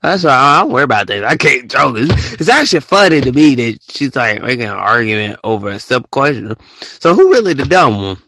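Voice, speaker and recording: Gravelly, animated man ranting. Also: a little fast. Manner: animated and slangy, often jumping into high mocking quotes. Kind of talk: casual rant to listeners.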